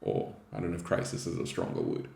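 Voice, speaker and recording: A man's voice: deep voice, huge pitch swings, quick pace, vocal fry, warm tone, roomy sound. A man with a Caribbean English accent, a Catholic theologian and teacher, giving a conversational scripture reflection with frequent tag questions.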